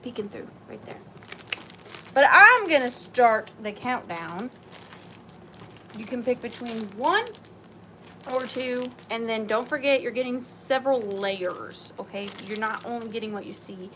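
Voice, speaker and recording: A woman hosts a live-stream sale in a chatty, excitable way. Her voice sits on the higher side, and she takes her time between bursts of talk. Faint noise hums behind her. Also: a little slow, poor audio. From Southern US. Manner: chatty and excitable, talks to viewers by name.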